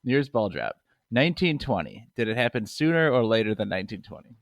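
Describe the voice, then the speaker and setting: A young man hosting a comedy podcast, laid-back and quick to laugh as he runs a game. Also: mid-range voice, very animated, dry recording. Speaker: podcast host running the game. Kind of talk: casual comedy chat.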